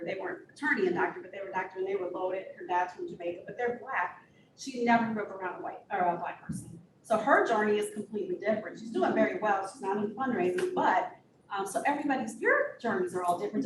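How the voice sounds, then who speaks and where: A woman speaking candidly to a meeting, telling a personal story and laughing often. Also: medium pitch. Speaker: guest speaker. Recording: echoey room from far off with noise.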